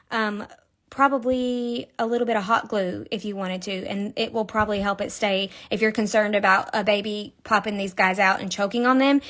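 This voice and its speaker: A woman's voice: a little high, a bit bright. A woman with a Kentucky accent giving a casual, chatty crochet lesson on a live stream, giggling and telling stories as she works. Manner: chatty, giggly, tells stories while working. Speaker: crochet instructor.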